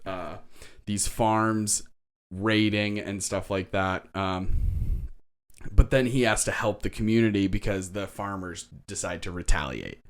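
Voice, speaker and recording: Low-voiced man rambling on a podcast. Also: measured pace, smooth. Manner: rambling, full of fillers and restarts, swears casually. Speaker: podcast co-host. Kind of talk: casual chat.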